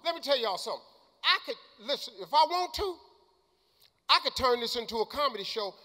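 Man, older, motivational speech, colloquial, emphatic, sharp bright tone, long hall echo. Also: very high-pitched, lively intonation, brisk. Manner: colloquial, emphatic, rises to shouts. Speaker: motivational speaker.

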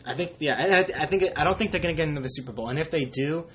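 A man's voice: fairly high pitch, racing, a bit bright, slight background noise. A young man hosting a casual sports podcast, joking and rambling, slipping into silly quoted voices. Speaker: podcast host.

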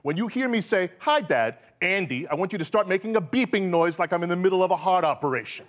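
A man, a cameraman on a talk show, doing a comedy bit in a deadpan yet eager way while giving bossy instructions. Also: high voice, fast. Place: TV studio stage. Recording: live studio audience behind.

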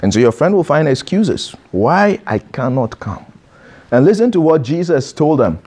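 Man, preacher, sermon, emphatic, repetitive, questions the listeners, fairly high voice. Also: big pitch swings, moderate pace, a little mellow, breathy edge. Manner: emphatic, repeats phrases, questions the listeners directly. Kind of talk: sermon to a youth audience.

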